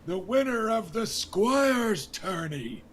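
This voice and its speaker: A man voicing a boisterous, generous king who bellows slow proclamations to a crowd. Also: high voice, sing-song, fairly bright tone, a little hiss or hum, voice pushed up, exaggerated voice. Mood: proclaiming. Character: booming jovial bearded king, boisterous and generous.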